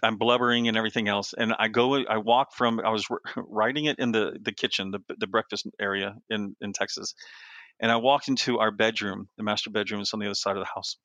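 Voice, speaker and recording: A man's voice: fairly low pitch, steady tone, fast talker, a bit bright, no echo. A middle-aged man, an author being interviewed, telling casual stories with laughs, restarts and trailing asides. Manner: rambling, laughing storyteller with many restarts. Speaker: author guest.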